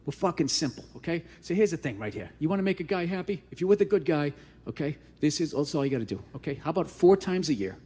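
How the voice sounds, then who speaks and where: A man's voice: a little high, very animated, fast, warm tone, husky. A middle-aged man doing a stand-up comedy routine, ranting and sarcastic, swearing often.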